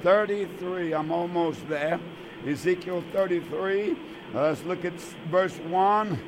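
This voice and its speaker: A man's voice: high voice, a little slow, background noise. An older man, hosting a religious radio call-in show as pastor, emphatic and repetitive. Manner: warm, emphatic, repetitive preacher's talk.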